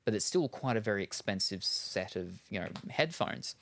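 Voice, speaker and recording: A man's voice: lowish voice, expressive, normal speed, fairly bright tone, a little hiss or hum. A man chatting casually while unboxing gear, rambling with lots of ums and asides. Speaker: streamer.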